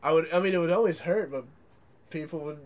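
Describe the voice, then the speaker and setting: A man's voice: a little high, quick pace, a crowd in the background. A man in casual chat, cracking jokes and making crude asides.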